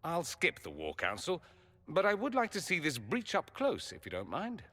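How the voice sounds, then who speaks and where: A man's voice: a little high, wildly swooping pitch, normal speed, pushed and bright, big-room sound, exaggerated voice. An actor playing a witty, sardonic male mage with dry, teasing charm in a video game. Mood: wry.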